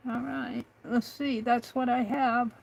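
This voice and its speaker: A woman hosting a craft livestream talks to a chatbot in a slow, hesitant way, full of little fillers. Her voice sits a bit high. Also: little pitch movement, gravelly, poor audio. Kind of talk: casual livestream talk to a chatbot.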